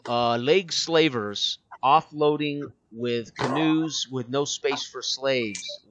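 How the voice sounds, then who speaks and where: A man running a tabletop role-playing game as game master, narrating and checking rules with many pauses and fillers. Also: medium pitch, a bit bright. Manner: halting, thinks aloud with many fillers. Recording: dull lo-fi sound.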